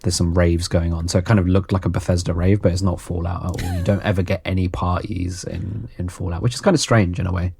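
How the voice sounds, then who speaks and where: A man co-hosting a podcast in casual chat, hesitant and halting, with many fillers and restarts. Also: low-pitched, level tone, creaky, darkish tone, husky, dry recording. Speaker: podcast co-host.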